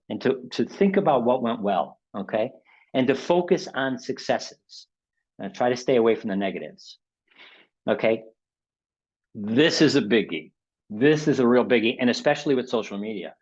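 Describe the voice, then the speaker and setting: A man gives a motivational webinar talk at an everyday pitch, chatty and direct, often checking in with his listeners. He acts out inner voices by raising his tone. The audio is slightly dull and lo-fi, as over a video call. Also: expressive, moderate pace, a little mellow, husky. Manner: conversational, keeps checking in with "okay?" and "right?". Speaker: webinar presenter.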